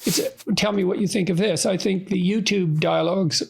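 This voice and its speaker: Creaky, husky high-voiced man. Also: steady tone, normal speed, a little hiss or hum. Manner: earnest, thinking aloud. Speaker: podcast host. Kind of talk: intellectual conversation.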